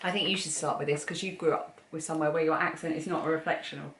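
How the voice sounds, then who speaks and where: A woman's voice: sits low, fairly even intonation, fast, fairly bright tone, a little hiss or hum. Chatty South London woman, echoey room. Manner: laughs often, reads questions aloud. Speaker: channel host. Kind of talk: casual Q&A chat.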